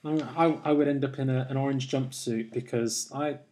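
A man's voice: mid-range voice, steady tone, mellow. A man hosting a casual podcast, rambling and laughing often between points. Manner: giggly, rambling, quick asides. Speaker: podcast host.

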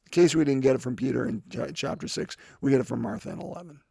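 A man's voice: mid-range voice, expressive, quick pace, gravelly, hardly any pauses, warm tone, breathy edge, no echo, clean studio sound. A man preaching a homily, talking conversationally and repeating his points for emphasis. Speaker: priest.

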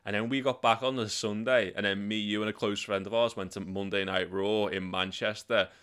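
Talking a little fast in a smooth, steady, slightly bright voice, a young man shares crude stories casually. He swears without restraint, laughs through the telling, and breaks into sudden high-pitched impressions.

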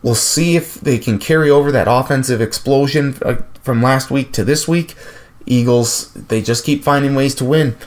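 Man rattling off football picks. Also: medium pitch. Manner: rapid-fire picks with frequent fillers and restarts. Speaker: podcast host. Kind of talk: sports podcast game picks.

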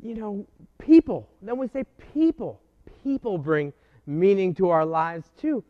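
A man preaches slowly and earnestly, with a voice sitting a little high for a man. He leaves long pauses and keeps turning to the listener with questions. The recording sounds muffled and lo-fi. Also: lively intonation. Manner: earnest, pausing, rhetorical questions. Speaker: pastor. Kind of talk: sermon. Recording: dull lo-fi recording.

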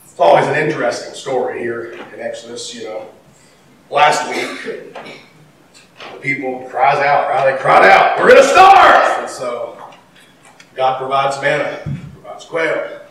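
A man's voice: mid-range voice, steady tone, measured pace, pauses often, fairly bright tone. Distant echoey man preaching a sermon. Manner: conversational preaching, rises to emphatic bursts. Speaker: pastor. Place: church sanctuary. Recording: echoey hall from far off, faint ambience.

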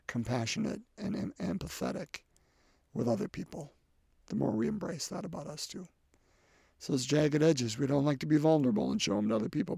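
A preacher with a rough, gravelly voice pitched a little high talks through a homily in a relaxed, conversational way. He restarts his sentences often and pushes his voice louder when he quotes scripture. The recording is dry, with no room echo.

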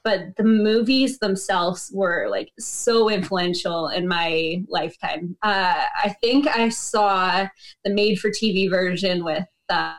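A woman from Canada, a guest on a podcast, chatting casually and laughing often. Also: lowish voice. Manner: giggly, chatty, quick to laugh.

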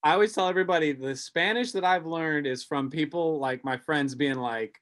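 A man guesting on a podcast, telling animated stories and acting out quotes in casual chat. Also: on the high side, fairly quick. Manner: animated storyteller, acts out quotes.

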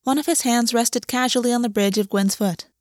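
A woman narrating a story aloud in a steady, even reading voice. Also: on the high side, fairly quick, dry recording, studio quality. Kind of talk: audiobook reading.

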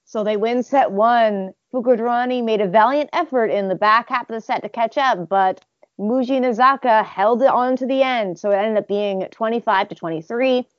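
A woman co-hosting a podcast in casual chat, animated, acting out character lines and laughing often. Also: fairly high pitch, normal speed, no echo. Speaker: podcast co-host. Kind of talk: casual chat recapping manga chapters. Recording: dull lo-fi dry sound.

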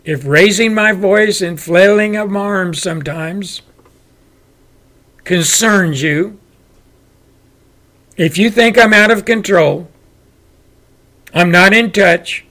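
A man hosting his own show, delivering a loud, forceful political rant. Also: high voice, slow, pauses often. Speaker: show host. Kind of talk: political commentary monologue.

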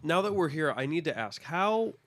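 A man's voice: a little high, big pitch swings, moderate pace, fairly bright tone, slight background noise. Curious man, podcast co-host. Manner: inquisitive, pushes with questions. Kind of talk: casual movie review chat.

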